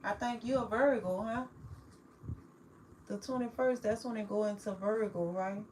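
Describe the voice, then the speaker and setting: A woman, chatting casually with viewers on a livestream, affectionate and quick to laugh. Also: medium pitch, fairly even intonation, a little mellow, a little hiss or hum, rough recording. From New Orleans, Louisiana. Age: 40s. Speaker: livestream host.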